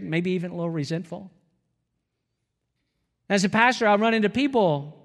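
A man's voice: sits high, a bit bright, in a large hall. A male pastor preaching a sermon in a conversational storytelling way, talking straight to the congregation.

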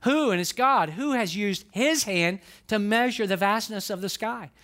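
Folksy preacher guy, high voice, tells stories and builds up emphasis. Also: moderate pace, a bit bright. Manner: folksy, storytelling, rising emphasis. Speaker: pastor. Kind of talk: sermon with humorous stories.

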